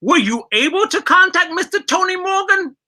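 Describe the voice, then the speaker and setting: A woman's voice: very high-pitched, lively intonation, normal speed, bright, forceful tone, exaggerated voice. A woman voicing a formal, overly polite writer of scam letters, reading them aloud stiffly for comedy.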